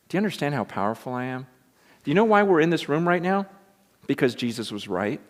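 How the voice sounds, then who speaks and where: A man's voice: on the high side, lively intonation, fast talker. A man preaching a sermon in a conversational, emphatic way, retelling scripture in everyday speech. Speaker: pastor. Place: large meeting room with an audience. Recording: long reverb of a large hall.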